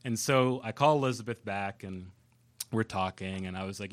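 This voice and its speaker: A man telling a personal story on stage at a live storytelling event, animated and laughing as he goes. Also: fairly low pitch, moderate pace. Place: live event venue with audience.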